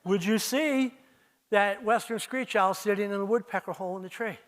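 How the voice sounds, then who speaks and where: A man's voice: high-pitched, moderate pace. An older man giving a live talk to an audience in an auditorium, telling stories as he speaks straight to his listeners and imitating owl calls. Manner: storytelling, addresses listeners as you, mimics owl calls. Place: arts center auditorium.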